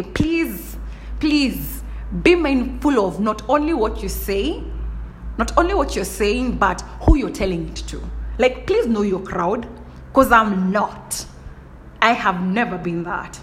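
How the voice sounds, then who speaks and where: A young woman speaks in a blunt, animated way, her voice sitting a little high. She often restarts her sentences and throws in playful exclamations as she goes. A faint hiss runs under the recording. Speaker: podcast host. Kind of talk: casual monologue.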